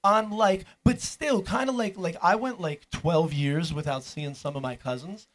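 A man's voice: a little high, measured pace. A young man telling a rambling, profane story in casual chat with a friend.

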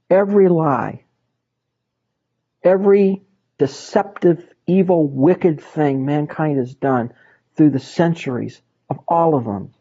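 Emphatic male Bible teacher, mellow voice. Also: fairly high pitch. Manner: emphatic, repeats words for stress. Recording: dull lo-fi recording.

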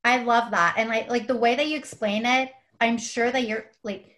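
A woman hosts a relaxed interview and talks in a chatty way, peppering her sentences with "like". Her voice sits a little high. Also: moderate pace. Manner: chatty, leans on "like" a lot. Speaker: podcast host. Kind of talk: casual interview chat.

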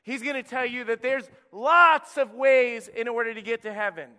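Man, high bright voice, energetic kids' sermon, echoey hall. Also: moderate pace. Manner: energetic, preachy, drops to a hush for emphasis. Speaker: pastor. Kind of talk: children's sermon.

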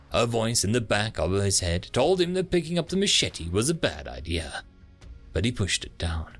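A man narrating a thriller audiobook in a dramatic, low-voiced storytelling manner. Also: sing-song, normal speed, faint music behind.

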